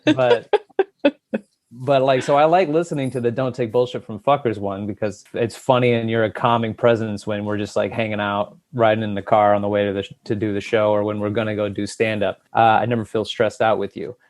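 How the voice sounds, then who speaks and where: A man's voice: fairly low pitch, steady tone, fast, hardly any pauses, dry recording, clean studio sound. Rambling man co-hosting a podcast. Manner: rambling, self-deprecating storytelling. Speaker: podcast co-host. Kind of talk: casual podcast chat.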